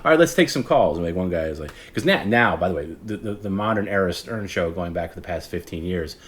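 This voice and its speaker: Low-voiced man rambling late at night. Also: brisk, a bit bright, a little hiss or hum. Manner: rambling, self-interrupting storyteller who acts out quoted callers. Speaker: stream host. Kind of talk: late-night casual livestream chat.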